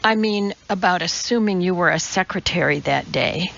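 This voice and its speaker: An ailing scientist mumbles weak, earnest apologies in a low, gravelly register, as a woman narrator puts him on. The audiobook recording sounds dull and lo-fi. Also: moderate pace, a bit bright. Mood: apologetic, weak. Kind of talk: audiobook character voice.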